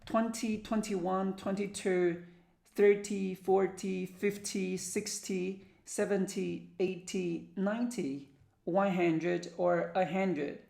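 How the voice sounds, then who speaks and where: A woman teaching English vocabulary, reading country names and numbers aloud one by one and slowly. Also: medium pitch, steady tone, gravelly, dark tone, roomy sound. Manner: slow, careful word-by-word reading. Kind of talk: vocabulary lesson, reading word lists aloud.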